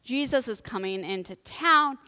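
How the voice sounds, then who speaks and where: A woman preacher delivers a chatty, lively sermon in a slightly high voice. She bursts into loud excitement, then drops to hushed, serious tones. Her words ring out with the long reverb of a church sanctuary. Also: a little slow, smooth. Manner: animated, swings from loud and excited to hushed and grave. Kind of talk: conversational sermon. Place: church during a live service.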